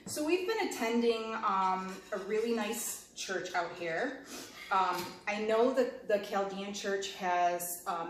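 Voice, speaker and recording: A woman chatting casually to viewers while she cooks at home, tasting food and walking through a recipe. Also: mid-range voice. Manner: talkative, talks while cooking and tasting food. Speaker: home cooking vlogger. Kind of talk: chatty cooking demo. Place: home kitchen. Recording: echoey kitchen, mic a bit far off, clear background noise.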